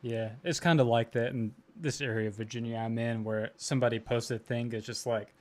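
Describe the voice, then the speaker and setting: A man who teaches percussion, chatting casually on a podcast in a lively, emphatic way. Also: mid-range voice, a little fast, few pauses. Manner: lively, emphatic, quoting others. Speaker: percussion instructor.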